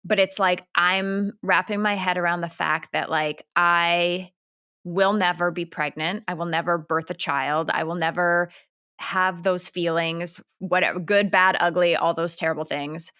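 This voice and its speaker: A woman's voice: fairly low pitch, fairly even intonation, measured pace, sharp tone, clear, resonant tone. A woman in her thirties with a Canadian accent, co-hosting a podcast in a candid, rambling casual chat full of filler words. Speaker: podcast co-host.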